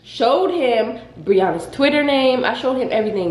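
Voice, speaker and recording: A young woman casually telling a dramatic story on her vlog, in a lively, expressive way. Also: on the high side, moderate pace, few pauses. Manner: dramatic, animated retelling. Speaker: vlogger. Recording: echoey room.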